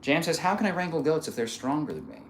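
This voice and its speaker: Playful man streamer with a lively pitch. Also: fast talker, a little hiss or hum. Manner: playful, laughs often, reads comments aloud. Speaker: streamer reading chat. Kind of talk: casual live-stream chat.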